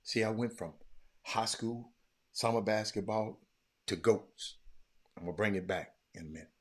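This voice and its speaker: A man hosting a casual sports commentary talk, telling a story animatedly and getting loud when he quotes others. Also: lowish voice, normal speed. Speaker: podcast host.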